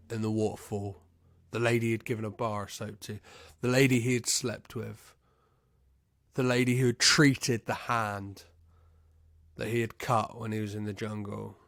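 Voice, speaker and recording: A man hosting a podcast, casually recapping a film's plot in a halting way, swearing and acting out the characters' lines. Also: on the low side, gravelly, fairly bright tone, dry recording, clean studio sound. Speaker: podcast host.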